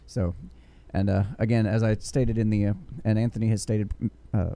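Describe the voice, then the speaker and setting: A man's voice: fairly low pitch, little pitch movement, moderate pace, gravelly, dark tone. A man co-hosting a podcast, rambling and joking with many restarts. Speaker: podcast co-host. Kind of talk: casual chat.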